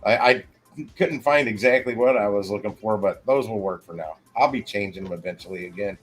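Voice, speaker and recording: A man hosting a casual livestream, rambling along with halting restarts. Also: fairly low pitch, faint music behind. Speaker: livestream host.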